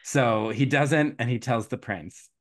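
A young man hosting a podcast, casually retelling a folktale with lively quoted voices, laughs and fillers. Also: mid-range voice. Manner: animated storytelling, quick quoted voices, frequent laughs and fillers. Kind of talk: casual chat.

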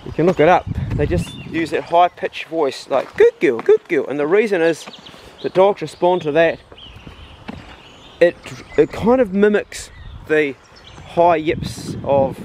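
A man's voice: measured pace, long pauses, a little mellow, slight background noise, poor audio. Chatty male dog trainer, outdoors. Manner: chatty, explaining as he goes; high-pitched calls and praise to the dog. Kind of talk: casual outdoor training demo. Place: outdoors on rural land.

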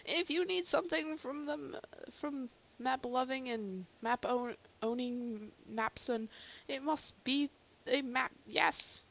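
Young woman putting on a polite shopkeeper, chirpy, formal, slightly higher pitch. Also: slow pace, gravelly, a bit bright, exaggerated voice, poor audio. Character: polite male game shopkeeper giving maps.

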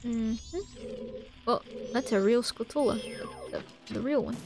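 A woman playing a video game and commenting on it, speaking softly and half whispering in quiet parts. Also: on the high side, measured pace, a little hiss or hum. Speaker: gamer.

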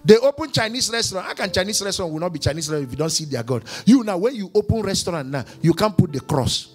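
A man preaches from the pulpit, pitched high for a man and full of emphatic repetition. His voice jumps widely up and down as he presses each point. Soft music plays faintly behind him. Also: lively intonation, fast. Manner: emphatic, repetitive preaching with sudden swings in loudness. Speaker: pastor. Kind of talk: sermon.

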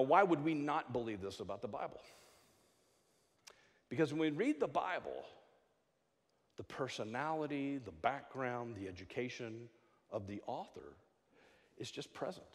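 Animated preacher in a reverberant church. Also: male voice, medium pitch. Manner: animated, jokey preaching with frequent stammered restarts. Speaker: pastor. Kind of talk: sermon. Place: church sanctuary. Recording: long hall reverb.

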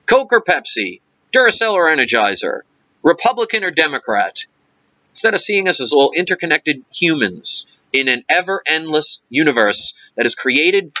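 High-voiced man ranting sarcastically. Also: pushed and bright, muffled recording. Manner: sarcastic, preachy, emphatic. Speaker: vlogger. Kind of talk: impassioned monologue rant.

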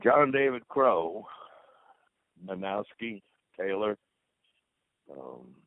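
Older man, interview guest, deep gravelly voice, acts out quotes, tinny phone-like sound. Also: big pitch swings, very slow, dry recording. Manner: rambling anecdotes, acts out quoted dialogue. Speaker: interview guest, retired football player. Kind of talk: casual storytelling. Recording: dry phone-like lo-fi recording.

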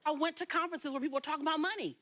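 A woman with a notably high voice tells her life story as a talk show guest. She is from Los Angeles and speaks in an animated, emphatic way. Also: rapid-fire. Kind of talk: storytelling interview.

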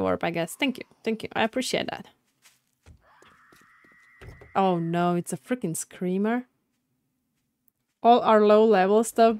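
Excitable woman narrating her gameplay. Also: a little high, no room sound. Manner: excitable, laughs often, talks to teammates. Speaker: gaming streamer. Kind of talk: casual let's-play commentary.

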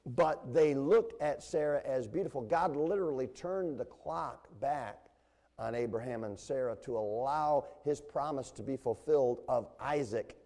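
A man preaching a sermon to his congregation, animated and engaging them with questions. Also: medium pitch. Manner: animated preaching with call-and-response and playful voices. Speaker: pastor. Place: church sanctuary. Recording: long reverb of a church hall.

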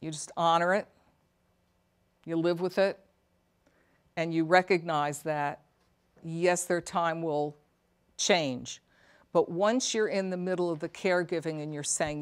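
A woman with a low, grounded voice talks earnestly to a room of caregivers. She is middle-aged and speaks as a psychotherapist and elder care coach. She is reflective and often turns to the audience with questions. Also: fairly even intonation, measured pace, long pauses, clean tone. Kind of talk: talk to a caregivers' support audience.

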